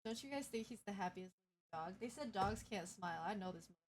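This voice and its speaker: A young woman streamer chatting casually, playful and animated, cursing now and then. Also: mid-range voice, fast. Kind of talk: casual chat.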